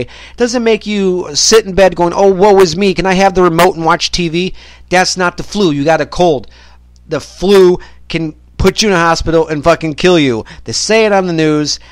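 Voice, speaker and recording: A man's voice: high voice, dry recording. Profane, rambling man podcast host. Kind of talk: rambling solo monologue rant.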